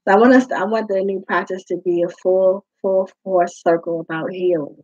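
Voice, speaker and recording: A woman's voice: medium pitch, fairly even intonation, normal speed, mellow, dry recording. Woman, life coach, emphatic, repeats herself, dry close sound, muffled lo-fi recording. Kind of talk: live group coaching talk. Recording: dull lo-fi sound.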